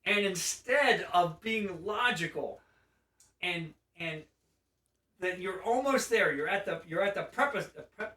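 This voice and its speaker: A man co-hosting a casual gaming chat, recapping a game with animated storytelling and funny put-on character voices. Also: high voice, unhurried, echoey room, distant mic. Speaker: podcast co-host.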